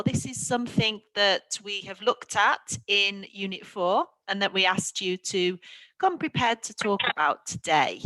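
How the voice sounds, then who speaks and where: A woman, a teacher trainer, guiding an online class over a video call in a clear, structured way. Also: mid-range voice, sharp tone, no echo, rough recording. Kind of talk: online lesson.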